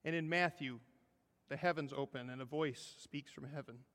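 A man preaching a sermon as a pastor, earnest, lifting his voice for emphasis and dropping to a hushed close. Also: mid-range voice, moderate pace, in a large hall.

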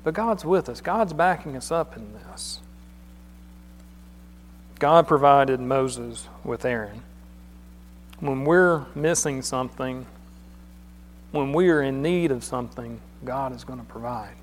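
A man's voice: medium pitch, slow, long pauses, a little hiss or hum. A man preaching a sermon in a church hall, talking in a plain conversational way and often repeating his words. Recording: long hall reverb.

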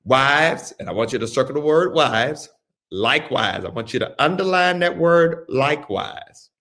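A man teaching a Bible study as a pastor, speaking deliberately, repeating phrases and telling listeners what to underline and circle. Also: on the high side, expressive, bright, forceful tone. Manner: slow, deliberate, repeats phrases and gives instructions.

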